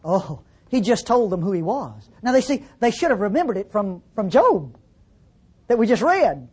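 A woman's voice: medium pitch, very animated, normal speed, darkish tone, husky. A woman preaching a sermon in a conversational, teasing way, full of rhetorical questions.

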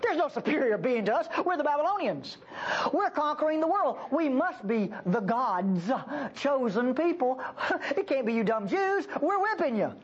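A woman's voice: high-pitched, big pitch swings, normal speed, dull audio, voice pushed up. A woman voicing a boastful conquering people who taunt and brag in a cocky voice. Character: boastful arrogant conquerors, a proud mocking army.

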